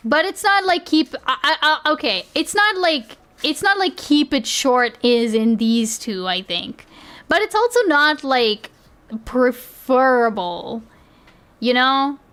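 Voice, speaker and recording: A woman's voice: high-pitched, lively intonation, slow pace, fairly bright tone, clean tone. A woman streamer chatting casually and reacting to clips, giggling and rambling as she restarts her sentences.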